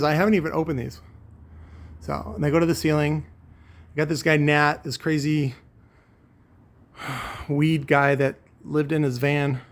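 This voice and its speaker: A man who owns a shop, rambling and ranting through a one-take vlog, swearing freely as he goes. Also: a little high. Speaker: shop owner vlogging. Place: his shop.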